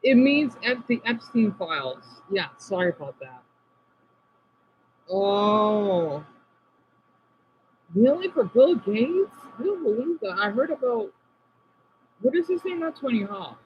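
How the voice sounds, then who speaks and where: High-voiced American man chatting with viewers. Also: big pitch swings, slow, long pauses, highs cut off, a little hiss or hum. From United States. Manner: chatty, responds to viewers by name, apologetic asides. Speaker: livestream host reading chat. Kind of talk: casual livestream chat.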